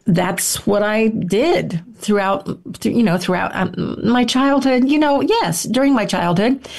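An older woman, a guest herbalist, telling stories in a relaxed interview, rambling with frequent restarts. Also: mid-range voice, a little slow, gravelly. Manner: warm, rambling, with frequent self-restarts and "you know". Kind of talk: casual storytelling interview answer.

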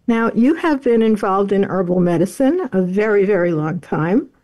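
Mellow-voiced woman hosting a show. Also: mid-range voice, lively intonation, normal speed. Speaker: radio show host. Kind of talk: scripted guest introduction, then interviewing.

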